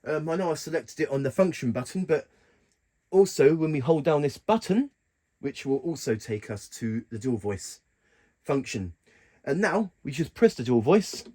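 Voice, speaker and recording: Slightly high and animated, a man talks through a casual keyboard walkthrough in a halting way, frequently catching and fixing himself mid-sentence. His voice is partly buried under loud keyboard music from the demo.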